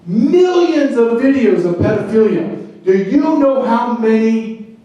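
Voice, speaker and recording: A middle-aged man, a retired border agent, giving a fervent speech to a club, swinging from loud to quiet. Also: very high-pitched, animated, takes it slowly. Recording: very echoey room, speaker far from mic.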